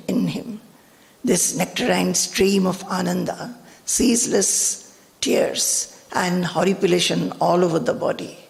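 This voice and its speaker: Slow gravelly woman telling a devotional story. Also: mid-range voice, in a large hall. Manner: slow, deliberate, reverent. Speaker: spiritual teacher.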